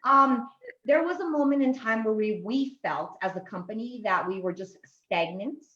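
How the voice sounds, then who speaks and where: A woman speaking as a panelist on a webinar, animated and frank, rambling and repeating herself. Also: a little high, moderate pace, roomy sound, dull audio. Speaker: panelist, committee member. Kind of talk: casual panel talk.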